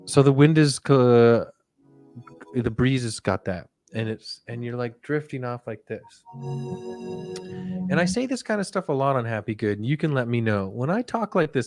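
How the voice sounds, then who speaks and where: A male comedian hosting a live show, rambling through a mock guided relaxation in a soft, drifting voice. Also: mid-range voice, very animated, normal speed, dry recording, studio quality, faint music behind. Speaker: comedian and podcast host.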